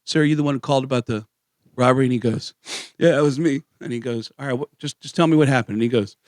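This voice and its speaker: A man, a comedian guest in a radio studio, telling stories with lively character voices and big pitch swings. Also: fast, no echo. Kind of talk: animated storytelling. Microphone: studio mic.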